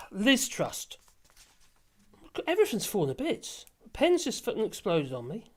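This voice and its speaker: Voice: mid-range voice, huge pitch swings, unhurried. A casual livestream host, who rambles, laughs often and swears freely while reading viewer comments. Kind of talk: casual live chat.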